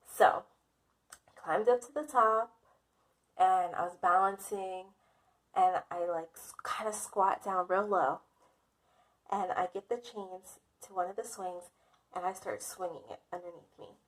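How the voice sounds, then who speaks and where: A woman's voice: medium pitch, unhurried, long pauses. A woman vlogger telling a casual storytime, dramatic and self-mocking, often laughing.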